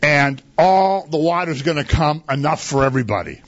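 A man's voice: fairly high pitch, expressive, moderate pace, dull audio. A man preaching a sermon in a conversational way, asking his listeners rhetorical questions.

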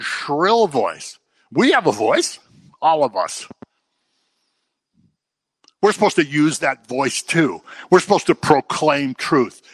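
Bright, jokey male preacher. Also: medium pitch, no room sound. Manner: jokey, animated preaching with acted-out quotes. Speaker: pastor. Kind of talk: sermon.

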